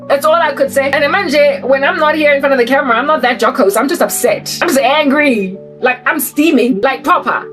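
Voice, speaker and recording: South African woman, high pitch, animated preachy vlog rant, slightly distant mic, faint music bed. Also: quick pace, few pauses. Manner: animated, preachy, repeats rhetorical questions. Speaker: Christian vlogger. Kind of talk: ranting satirical monologue to camera.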